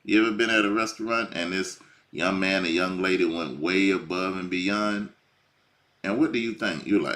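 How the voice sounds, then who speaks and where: A man preaching informally, swinging from hushed lines to near shouting. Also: low voice, normal speed. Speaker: bible teacher.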